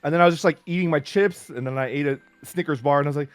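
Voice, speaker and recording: A man's voice: a little high, quick pace, dry recording. A middle-aged man casually telling stories about camping and cycling, talking in loose, restarting sentences full of "like.". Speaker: streamer. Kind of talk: casual storytelling. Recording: faint music underneath.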